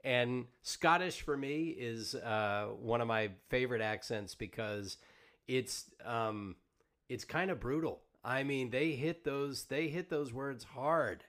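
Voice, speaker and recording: A man's voice: medium pitch, slow, fairly bright tone. A man hosting an interview podcast, reading out viewer questions with hesitant fillers. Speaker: podcast host. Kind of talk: casual interview chat.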